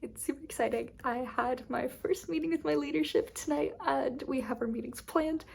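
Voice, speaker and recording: A woman's voice: high voice, moderate pace, gravelly, darkish tone, poor audio. A woman in her twenties, a college student, chatting casually and upbeat to the camera in a rambling vlog. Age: 20s.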